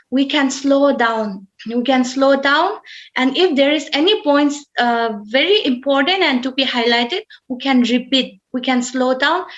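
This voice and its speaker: A high-pitched woman, teaching over a webinar. She speaks in a measured way, repeats her points and fills pauses with ums. The audio is somewhat muffled, as from a computer mic. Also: a bit bright. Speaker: webinar presenter. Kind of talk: online webinar talk. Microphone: computer mic on a video call.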